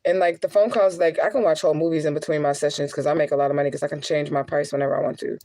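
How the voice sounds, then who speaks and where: Young adult woman, a medium on a casual live stream; blunt, profane, quick to laugh. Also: low-pitched, steady tone, dark tone. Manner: candid, profane, laughing often. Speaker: spiritual reader and medium. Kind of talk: casual livestream venting.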